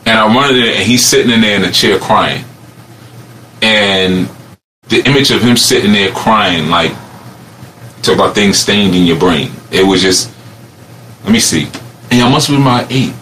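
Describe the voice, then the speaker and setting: A man telling a reflective personal story in a rambling, animated way, laughing often as he goes. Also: on the low side, moderate pace, pauses often, slight background noise.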